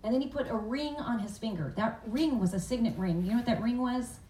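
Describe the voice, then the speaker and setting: A woman giving sermon-style Bible teaching, animated and questioning her listeners, acting out the words of the father in the story. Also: a little high, brisk, slight background noise. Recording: echoey room, voice from a distance.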